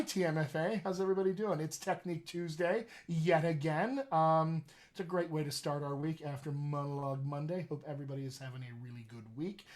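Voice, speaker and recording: A man who is a dialect coach, hosting a casual, joking livestream over a video call. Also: sits high. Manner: chatty, joking, upbeat. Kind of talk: casual livestream talk to viewers.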